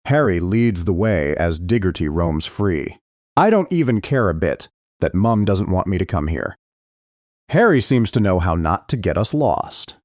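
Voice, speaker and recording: A man reading a first-person thriller audiobook in a very deep voice that rises and falls with lively expression. The recording is close and dry, with no room sound. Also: a little slow, no echo. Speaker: audiobook narrator.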